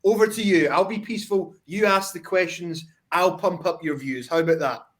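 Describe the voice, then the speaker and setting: A man's voice: sits high, moderate pace, a bit bright. A man, a wrestling champion, boastfully trash-talking his way into an interview over a video call. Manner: cocky, boastful, swaggering. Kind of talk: brash trash talk.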